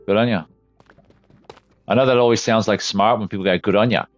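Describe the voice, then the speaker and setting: Excitable man commentating a game. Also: on the low side, brisk, dry recording. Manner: excitable, swears, yelps at surprises. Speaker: let's play streamer. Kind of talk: casual gameplay commentary.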